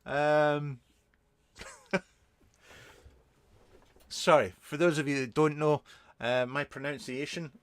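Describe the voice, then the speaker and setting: A man's voice: a little high, fairly even intonation, slow pace, pauses often, clean tone, no echo. Rambling man chatting on a live stream. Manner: rambling and chatty, with many ums and restarts. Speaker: vape product reviewer hosting a live stream. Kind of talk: casual live-stream chat answering viewers.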